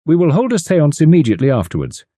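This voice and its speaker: Audiobook lady: male reader plays a drawling, gushing séance enthusiast, pitched high, dry. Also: huge pitch swings, very fast, warm tone, husky, no room sound, full character voice.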